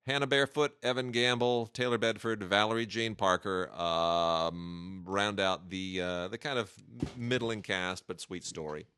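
A man's voice: fairly low pitch, a little slow, hardly any pauses, bright, forceful tone, clear, resonant tone, dry recording. A man hosting a podcast, chatting casually and wryly with lots of fillers and restarts. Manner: wry, joking, many fillers and restarts. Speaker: podcast host reviewing home video releases. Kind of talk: casual chat.

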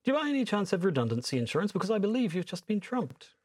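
A smug, pompous space pirate admiral hurls theatrical insults in a raised, slightly husky voice, as a man hams it up in a comedy sketch. He sounds pleased with himself and delivers every line with mock grandeur. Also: high-pitched, sing-song, rapid-fire, darkish tone, voice pushed up, exaggerated voice.

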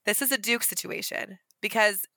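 A woman co-hosting a book podcast, making her case in animated casual talk. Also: medium pitch, moderate pace, gravelly, dry recording. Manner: animated, argumentative. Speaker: podcast co-host.

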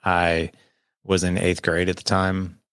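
A deep-voiced man tells a personal story in a candid, conversational way. His voice has a gravelly, fry-heavy texture, and the sound is dry and close. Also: completely flat delivery, slow pace, fairly bright tone, no echo. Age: 40s. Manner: candid, conversational, quotes people in dialogue. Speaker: guest. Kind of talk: personal storytelling in a podcast interview.

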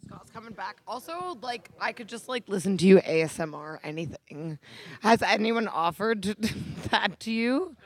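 A woman's voice: mid-range voice, very animated, moderate pace. A woman co-hosting a podcast in casual chat, giggly and blunt, swearing freely. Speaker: podcast co-host.

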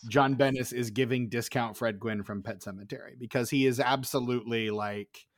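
A man's voice: medium pitch, steady tone, moderate pace, dry recording, studio quality. Wry, chatty man talking about movies. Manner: wry, chatty film commentary. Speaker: podcast co-host. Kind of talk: casual chat.

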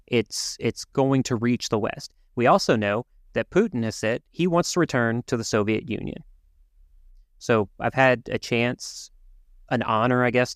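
Male podcast co-host, even mid pitch, earnest and measured, dry close sound. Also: no echo. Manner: earnest, measured, some restarts. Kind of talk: casual podcast chat.

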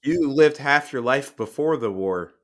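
A man's voice: medium pitch, animated, unhurried. A man co-hosting a podcast in casual chat, laid-back, laughing often and leaning on fillers. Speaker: podcast co-host.

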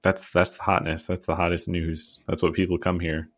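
A man co-hosting a podcast in relaxed casual chat, chuckling and trailing off with fillers. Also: low voice, moderate pace, no echo, studio quality. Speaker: podcast co-host.

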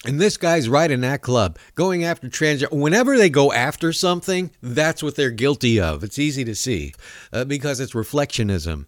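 A man's voice: medium pitch, lively intonation, moderate pace, dry recording, studio quality. A man hosting a talk show, delivering a profane, mocking comedic rant monologue.

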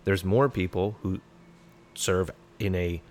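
A man's voice: sits low, fairly even intonation, takes it slowly, darkish tone. A man, a former special operations soldier, talking as a podcast guest in a blunt, profane, fired-up way. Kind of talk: casual podcast conversation.

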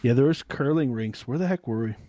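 A man co-hosting a podcast in casual chat, relaxed and teasing, asking his co-host questions. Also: medium pitch, fairly quick, dry recording.

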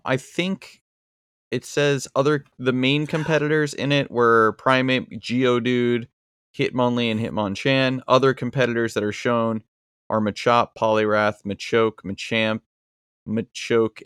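A man's voice: mid-range voice, fairly even intonation, measured pace, fairly bright tone, smooth, no room sound, studio quality. A man co-hosting a podcast, reading facts aloud and cracking wry jokes in casual chat. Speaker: podcast co-host.

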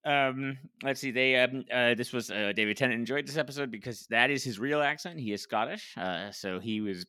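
A man's voice: mid-range voice, a little fast, sharp tone, clean tone, no room sound, clean studio sound. A man hosting a podcast in casual chat, rambling with many fillers and restarts and acting out quoted lines. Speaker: podcast host.

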